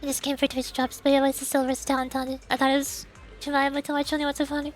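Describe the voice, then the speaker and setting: A tired woman streamer and voice actor chatting quietly and softly with frequent giggles. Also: high-pitched, completely flat delivery, quick pace, faint music behind. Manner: quiet and soft-spoken, giggly. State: tired after hours of streaming. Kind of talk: casual gaming stream chat.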